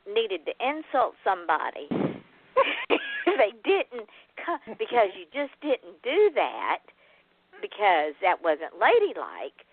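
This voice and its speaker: Woman host, Southern US accent, from Georgia, animated voice, tinny dry line. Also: medium pitch, dry recording. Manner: lively, chatty. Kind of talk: casual chat. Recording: dry phone-line audio.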